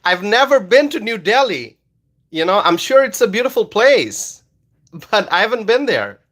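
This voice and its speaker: A man from Bangladesh, hosting a casual livestream and reading viewer comments aloud, animated and loud at times. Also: sits high, moderate pace. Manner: animated, loud at times, with many fillers and repeated words. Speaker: livestream host reading chat.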